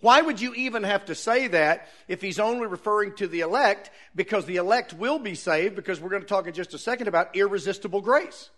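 Emphatic high-voiced male preacher. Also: a little fast, few pauses, a bit bright. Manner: earnest, emphatic preaching with rhetorical questions. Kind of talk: sermon with Bible readings.

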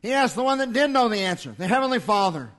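A man preaching a sermon, his voice sitting high for a man. He builds each line in a repeating cadence and swings from loud declarations to quiet, hushed passages. He speaks in a church. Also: big pitch swings, fast.

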